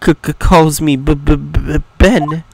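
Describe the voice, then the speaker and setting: A man's voice: fairly high pitch, fairly even intonation, unhurried, vocal fry, a little mellow, a little hiss or hum. A man voicing a jittery male circus ventriloquist who stutters heavily on nearly every word. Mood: nervous. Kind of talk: reading game dialogue aloud.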